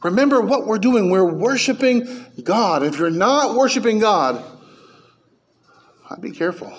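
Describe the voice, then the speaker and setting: High-voiced man preaching emphatically. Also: animated, unhurried. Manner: emphatic preaching, rising and falling in pitch and volume. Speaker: pastor. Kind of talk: sermon.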